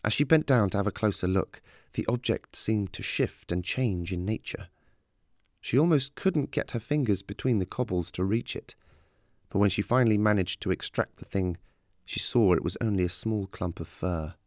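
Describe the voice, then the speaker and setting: Male storybook narrator with a low voice and a steady, measured, dry read. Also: no room sound.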